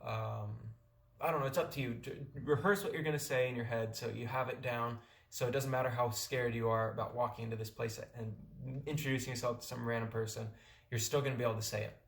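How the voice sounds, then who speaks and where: A man's voice: mid-range voice, steady tone, fast talker, gravelly, echoey room. A young American man from California giving casual, rambling advice in a vlog. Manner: rambling, many restarts and fillers. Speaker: vlogger.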